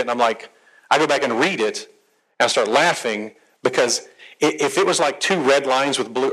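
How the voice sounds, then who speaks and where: A man's voice: medium pitch, rough recording. Middle-aged man speaking to a conference crowd. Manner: conversational, animated, asks the audience questions. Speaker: marriage conference speaker and therapist. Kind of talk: live talk to a conference audience. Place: conference hall with a live audience.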